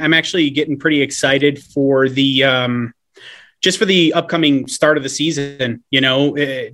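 Podcast guest: man, mid-pitched, hesitant and halting, video call audio. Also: pushed and bright. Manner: halting, many fillers and restarts. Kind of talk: casual sports podcast chat.

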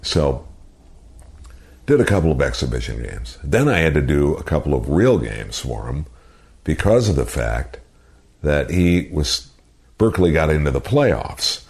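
Older male radio veteran, extremely low voice, casual rambling storyteller who does impressions. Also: very animated, a little slow, gravelly, darkish tone. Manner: rambling anecdotes, mimics other people's voices. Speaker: radio personality guest.

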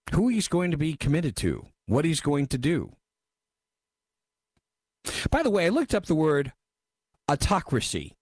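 A man's voice: on the high side, dry recording. A man hosting a talk radio show, reading listener messages and giving wry, emphatic commentary into a studio microphone.

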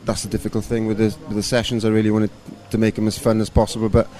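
Low, flat-voiced relaxed man. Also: fast talker, faint music behind. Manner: relaxed, rambling with many fillers. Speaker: rugby coach and former player. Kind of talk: casual interview answers.

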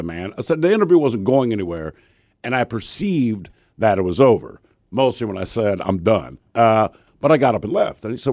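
A man's voice: on the low side, a little fast, no room sound, studio quality. A man co-hosting a podcast, telling rowdy road stories in casual chat and swearing freely. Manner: animated, swears freely, acts out quotes. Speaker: podcast co-host.

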